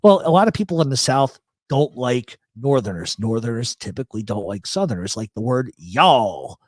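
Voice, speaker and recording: Speaking at a normal speed in a medium, slightly mellow voice, a very animated radio host reads viewer comments on his informal live talk show. His delivery is rambling and blunt, laced with swearing, emphatic agreement, and lots of repetition. It's recorded in a studio with no echo.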